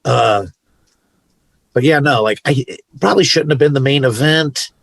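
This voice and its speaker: A man's voice: mid-range voice, moderate pace, gravelly, fairly bright tone, no echo. Laid-back opinionated man, dry podcast. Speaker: podcast co-host. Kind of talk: casual chat.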